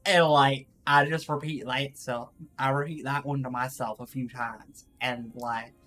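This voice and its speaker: With faint music behind him, a VTuber talks in a steady, medium-pitched voice that's a bit slow and sharp. He's chatting live in a put-on East Texas accent, rambling and frequently laughing at himself.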